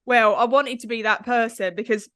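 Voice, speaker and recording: A woman's voice: a little high, steady tone, normal speed, pushed and bright, dry recording, clean studio sound. A woman co-hosting a podcast, telling a story in casual chat and acting out what people said. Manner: chatty, self-mocking storyteller who acts out quotes. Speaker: podcast co-host. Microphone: studio microphone, on camera.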